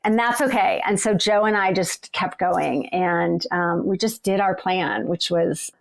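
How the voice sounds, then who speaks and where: A woman, an ultrarunner, casually telling the story of a race in a chatty, animated way. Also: on the low side, a little slow, gravelly. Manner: chatty and animated, filled with "like" and "you know".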